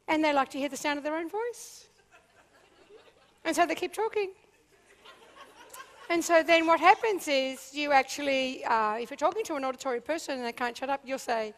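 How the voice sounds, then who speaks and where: High-voiced woman addressing a seminar. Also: fairly quick. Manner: animated, checks in with the audience often. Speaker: business speaker. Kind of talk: seminar talk to a live audience.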